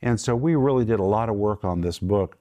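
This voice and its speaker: A man's voice: lowish voice, fairly quick, mellow. A middle-aged man teaching from the Bible on a television program, emphatic and explaining Greek words step by step.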